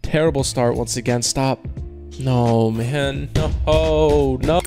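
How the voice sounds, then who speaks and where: A case-opening video host, a young man with a medium-pitched voice, speaks slowly and fairly evenly over music. His casual slang-filled commentary for viewers swings from frustrated groaning at losses to loud cheering at wins.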